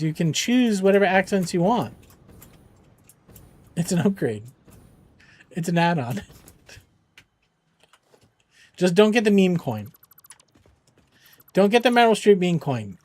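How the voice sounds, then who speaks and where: A man's voice: high-pitched, big pitch swings, slow, pauses often, no echo. A man streaming games for charity, chatting with viewers in a joking, rambling, reassuring way. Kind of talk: casual chat with viewers.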